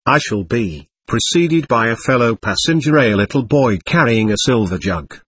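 A man reading the lines of a calm elderly male guru in an audiobook, even and unhurried. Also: medium pitch, husky, no room sound. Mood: serene.

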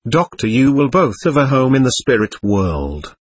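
A man reading a calm instructive doctor. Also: mid-range voice, moderate pace, slightly rough, no echo. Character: calm male doctor guiding spirits. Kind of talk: reading a séance transcript aloud.

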